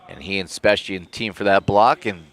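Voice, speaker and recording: A man's voice: low-pitched, moderate pace. A man doing live play-by-play commentary on a volleyball match, his voice jumping up on big plays. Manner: excitable, voice jumps up on big plays. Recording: commentary over loud gym noise.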